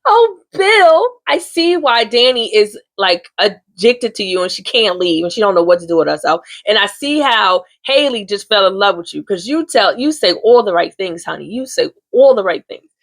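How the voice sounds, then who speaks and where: A woman vlogger recapping a soap opera in a sassy, slangy, animated way, talking straight to the viewer. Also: medium pitch, moderate pace, few pauses. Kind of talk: casual chatty recap.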